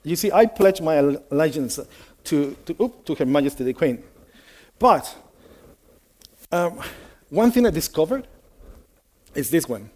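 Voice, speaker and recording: Chatty preacher man, mellow voice. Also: a little high, very animated, normal speed, pauses often. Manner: conversational storytelling, many fillers, asks the audience questions. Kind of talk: sermon.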